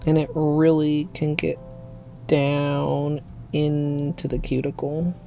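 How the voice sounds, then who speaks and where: A woman from Minnesota with a Minnesotan accent, chatting softly and rambling to her livestream chat. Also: low-pitched, flat delivery, slow pace, vocal fry, soft background music. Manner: soft-spoken and rambling, talking to chat. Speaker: nail art streamer.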